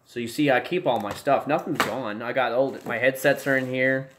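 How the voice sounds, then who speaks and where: A young man hosts a casual livestream from a room at home. He rambles through viewer comments, stumbles and restarts his sentences, then jumps into loud, excited bursts. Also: medium pitch, moderate pace, background noise. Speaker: livestream host. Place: home room with desk and gear.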